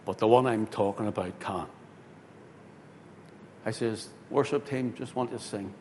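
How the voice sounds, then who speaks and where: A man, a pastor telling a story in a sermon, swinging from loud, excited bursts to hushed tones. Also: unhurried. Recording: hall reverb with faint rumble.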